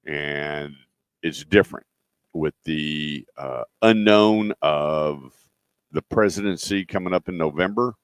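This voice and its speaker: Man, very low voice, dry close sound, folksy car radio host. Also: takes it slowly, clean tone, dry recording. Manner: folksy storytelling, lots of uh fillers. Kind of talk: live radio talk with dealership promos. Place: live remote broadcast at a dealership.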